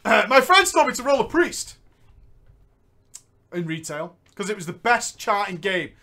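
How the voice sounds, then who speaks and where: A man's voice: high voice, sing-song, unhurried, bright, forceful tone. A man telling a gaming story in a giggly, bantering comedy chat. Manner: giggly, banters between lines. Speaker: podcast host reading a story.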